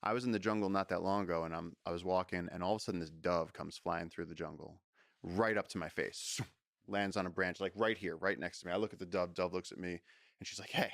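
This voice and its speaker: Low gravelly man telling animated stories. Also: quick pace, no room sound, clean studio sound. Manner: animated storyteller who acts out voices in quotes. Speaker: interview guest. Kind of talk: storytelling in a casual interview.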